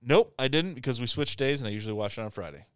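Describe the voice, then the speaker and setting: A man co-hosting a casual podcast chat, telling animated stories, laughing often and swearing a lot. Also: medium pitch, fast, clear, resonant tone, no echo, studio quality. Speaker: podcast co-host.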